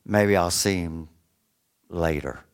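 A man voicing a busy, impatient doctor who brushes off a visitor in a low, slow voice. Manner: brusque.

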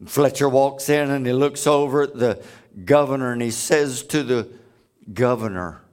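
A man's voice: medium pitch, moderate pace, a little mellow, clear, resonant tone. A man preaching a sermon, telling stories with emphatic, earnest delivery. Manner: emphatic storytelling.

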